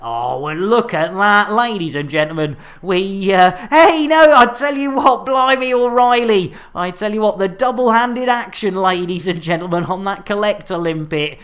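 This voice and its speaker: A man's voice: sits high, normal speed, hardly any pauses, a bit bright. Male streamer, cheeky and chatty, playful live gameplay commentary. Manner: jokey, innuendo-laden, chatty with viewers. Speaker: game streamer.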